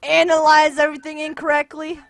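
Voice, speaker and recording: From her room at home, a female channel host speaks briskly in a high, monotone voice with vocal fry, and the audio is free of room sound. Chatting casually with a friend over a voice call, she giggles nonstop, dissolves into laughing fits, and teases him bossily.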